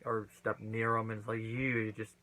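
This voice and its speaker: A man's voice: fairly low pitch, monotone, a little fast, sharp tone, low-quality recording. A man hosting his own channel, casually recapping and reviewing a wrestling event, acting out quotes as he goes. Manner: chatty recap with acted-out quotes.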